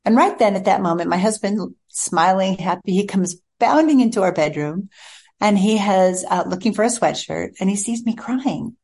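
A woman's voice: medium pitch, animated, moderate pace, a little mellow, breathy edge. A woman guest author telling a heartfelt personal story in a chatty, earnest way.

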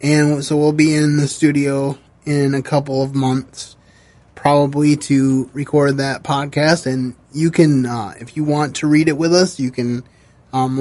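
A man hosting a podcast in a casual book-club chat, emotional and halting, with many fillers and restarts. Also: a little high, darkish tone. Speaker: podcast host. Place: studio.

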